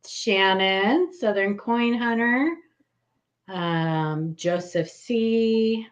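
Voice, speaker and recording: A woman hosting a casual live stream, giggly and excitable, greeting viewers by name. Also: medium pitch, drawn-out words, highs cut off.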